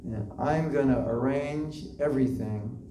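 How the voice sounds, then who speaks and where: A man voicing a calm, gentle young male deity who gives slow, earnest counsel, as part of a devotional lecture. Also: medium pitch, slight background noise, close to an everyday voice. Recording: echoey hall, voice from far off.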